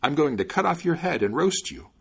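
A good-humored little tailor talking jauntily in a raised voice, as a male narrator puts him on. The tone is slightly husky and lively. It fits a storybook reading. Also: a little high, brisk, voice pushed up, heavily acted. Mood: jaunty.

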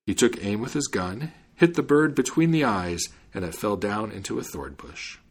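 A man reading a fairy tale aloud in an expressive, animated way. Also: fairly low pitch, normal speed, slightly rough. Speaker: storyteller.

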